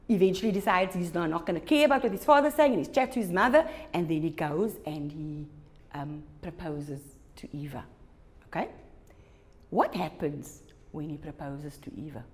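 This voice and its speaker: A young woman with a South African English accent teaching a recorded school lesson, talking casually and acting out quotes from the story. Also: medium pitch. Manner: animated, acts out quotes from the story.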